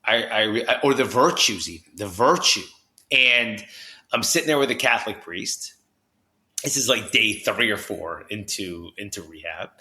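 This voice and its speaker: A man from New Jersey, a podcast guest, telling his story with high energy, lots of restarts and "you know"s. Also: animated, normal speed, pushed and bright. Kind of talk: animated storytelling in conversation. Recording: roomy echo.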